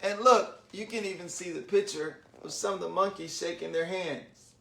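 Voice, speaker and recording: A man reading a children's storybook aloud online, with animated, chatty asides to young listeners. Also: high voice, moderate pace, vocal fry. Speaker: children's book reader, literacy founder. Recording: roomy echo.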